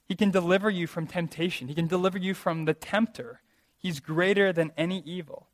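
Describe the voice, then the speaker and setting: A man's voice: high voice, a little fast, big-room sound. A man preaching a sermon as pastor, earnest and emphatic, asking his listeners rhetorical questions.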